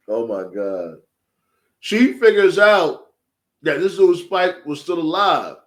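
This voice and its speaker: Guy recapping a show, slangy and cussing a lot, voice on the higher side, real animated. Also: drawn-out words, long pauses. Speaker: show reviewer. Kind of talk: casual story recap.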